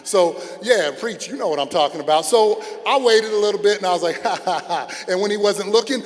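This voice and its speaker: A middle-aged man, a school principal, speaks at a graduation with a high, bright voice. He tells stories and acts out the people in them, jumping from loud shouts to near murmurs. A long echo hangs behind him, as from a huge outdoor amphitheater. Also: fairly quick. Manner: animated, acts out quotes with big swings in loudness. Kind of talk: storytelling commencement speech.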